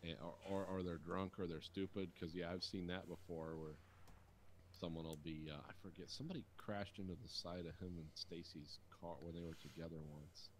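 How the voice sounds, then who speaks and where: A man's voice: fairly even intonation, a little fast, slight background noise. A man in his thirties co-hosting a podcast, telling stories in crude casual chat with frequent laughter. He swears freely and keeps slipping into mocking impressions of other people. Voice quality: profane, laughs often, mimics people in high voices. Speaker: podcast co-host.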